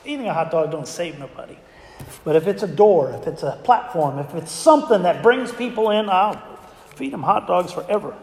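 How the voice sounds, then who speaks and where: A man's voice: high-pitched, animated, moderate pace, gravelly, darkish tone. A man preaching a sermon to his congregation in a conversational way, asking them frequent rhetorical questions. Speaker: pastor. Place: church sanctuary. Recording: echoey church hall with long reverb.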